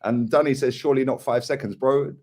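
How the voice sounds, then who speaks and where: This Englishman co-hosts a football live stream, chatting casually in a mid-range voice with fairly even intonation, a fairly quick pace and a darkish tone. He's a chatty storyteller who tags his sentences with "yeah" and "mate."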